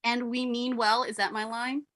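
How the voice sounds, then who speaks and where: A woman's voice: a little high, level tone, normal speed, a bit bright, no room sound. A young woman chatting casually between lines of a livestreamed reading, giggly, flustered and self-mocking. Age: young adult. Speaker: volunteer reader.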